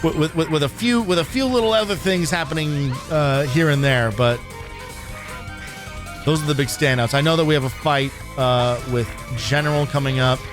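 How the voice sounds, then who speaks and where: A man giving casual, animated commentary while streaming a game, swearing freely and laughing easily. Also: fairly high pitch, moderate pace. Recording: game music behind the voice. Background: game music.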